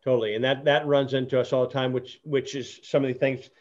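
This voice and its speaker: A man hosting a casual interview over a video call, telling an earnest story full of restarts and fillers. His voice sits at an ordinary pitch. The audio sounds a bit dull and lo-fi. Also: flat delivery, fairly quick, darkish tone. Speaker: podcast host.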